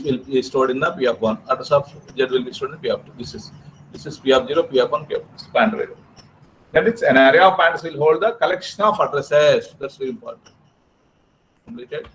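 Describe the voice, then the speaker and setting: A man giving a classroom programming lecture, repeating phrases slowly and checking in with his students. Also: medium pitch, fairly bright tone, slight background noise, rough recording. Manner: repetitive, drawn-out, checks in with students.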